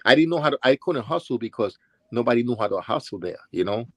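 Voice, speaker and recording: An animated, medium-pitched voice moves at a quick pace as a former DJ and dancer from Brooklyn, New York, spins casual stories in an interview. The older man performs the people he quotes with voice changes, and there's no echo.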